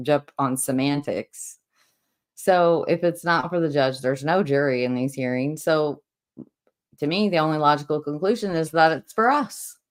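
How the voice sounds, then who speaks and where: A woman hosting a true crime channel, reading out court transcripts and commenting casually, with many fillers, restarts and frequent laughs. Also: sits low.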